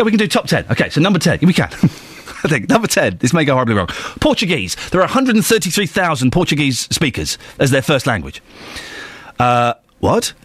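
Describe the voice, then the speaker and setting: A man's voice: fairly high pitch, fairly bright tone, breathy edge, dry recording. A man hosting a radio show in casual, jokey chat, full of sarcastic asides.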